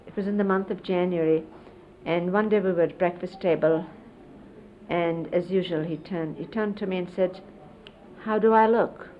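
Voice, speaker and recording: Lowish-voiced woman on old videotape. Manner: warm, anecdotal storytelling with frequent fillers. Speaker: disciple recalling a spiritual teacher. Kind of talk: casual reminiscence explaining hand gestures. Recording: dull 1970s videotape audio with faint hiss.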